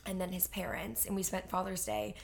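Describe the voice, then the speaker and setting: A woman's voice: mid-range voice, brisk, gravelly. Chatty woman telling a story. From Boston area. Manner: animated storytelling, many fillers. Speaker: podcast co-host. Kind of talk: casual chat.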